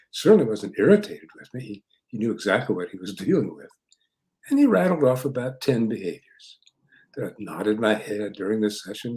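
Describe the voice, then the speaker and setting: An older man, a psychotherapist and interview guest, telling an anecdote in an animated way, often laughing and repeating words as he starts a sentence. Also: fairly low pitch. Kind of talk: anecdotal storytelling.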